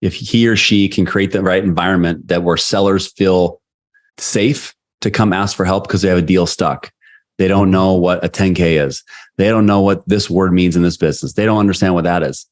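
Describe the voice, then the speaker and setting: A man's voice: sits low, fairly even intonation, normal speed. A middle-aged man, a sales leadership coach, telling candid stories in an interview with many restarts. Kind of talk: storytelling interview answers.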